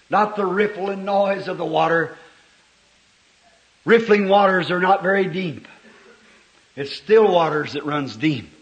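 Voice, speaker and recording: A man preaching a sermon at a church service, swinging from hushed, folksy talk to sudden impassioned shouts. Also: high voice, a little slow, long pauses, highs cut off. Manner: folksy, homespun phrasing. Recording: echoey old church sermon recording.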